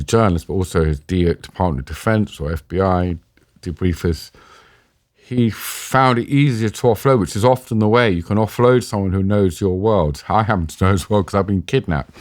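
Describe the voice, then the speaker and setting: Low-voiced London man telling a tense story. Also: a little mellow, no room sound, clean studio sound. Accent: London English. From England. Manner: intense, halting, with frequent restarts and quoted exchanges. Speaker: interview guest. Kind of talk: emotional storytelling in a podcast interview.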